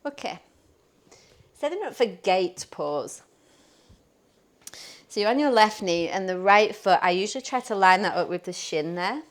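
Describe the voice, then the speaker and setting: Yoga teacher, woman, smooth clear voice, calm upbeat pose-and-breath cues. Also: mid-range voice, measured pace, long pauses. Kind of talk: guided yoga class instruction.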